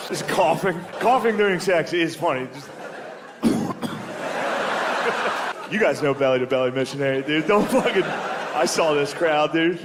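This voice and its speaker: Crude, casual stand-up comedian. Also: male voice, on the high side, very noisy. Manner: crude, casual, deadpan bro talk.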